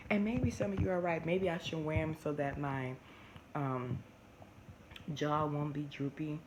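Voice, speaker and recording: A woman, chatting animatedly to camera and often restarting her sentences. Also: low-pitched. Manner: animated, talks fast with many restarts. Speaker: vlogger. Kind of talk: casual chat to camera. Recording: noisy home recording.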